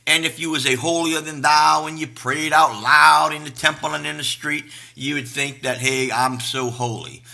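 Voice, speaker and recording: A man's voice: fairly high pitch, fairly even intonation, moderate pace, vocal fry, few pauses, bright, forceful tone. A man pastor preaching a casual live-streamed sermon, folksy and unpolished, greeting viewers by name. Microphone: live stream to a camera.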